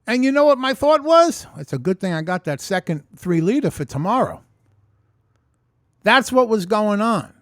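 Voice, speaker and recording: Blunt, profane man ranting, high voice. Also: sing-song, normal speed, no echo, clean studio sound. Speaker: vlogger sharing his sobriety journey. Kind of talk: unscripted ranting monologue.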